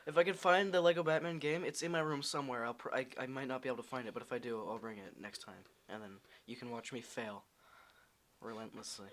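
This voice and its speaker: A man's voice: mid-range voice, quick pace, a bit bright. A young man co-hosting a casual podcast, blunt and self-deprecating, cursing often. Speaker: podcast co-host. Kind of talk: casual chat.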